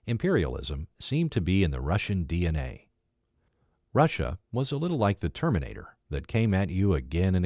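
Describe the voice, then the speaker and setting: A man reading his own opinion essay aloud in a measured, emphatic way. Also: sits low, no echo, clean studio sound.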